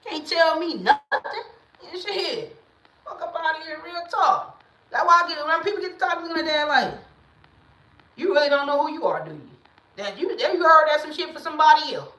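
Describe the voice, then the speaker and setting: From an echoey room, a livestream host with a high-pitched, animated voice talks a little fast in casual conversation. Blunt and emphatic, she swings into loud, preachy bursts.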